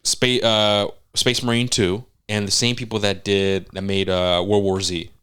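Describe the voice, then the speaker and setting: A fairly low-pitched man with a smooth, clear voice, talking games on a podcast. He gets excitable and swears freely, peppering his talk with "bro" and "man." He speaks as a laid-back co-host. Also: unhurried. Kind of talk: casual chat.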